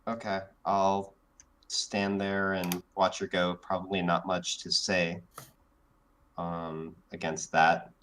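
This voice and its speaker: Low-voiced male player, relaxed. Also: slow. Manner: relaxed, describing actions plainly. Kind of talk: casual tabletop game play.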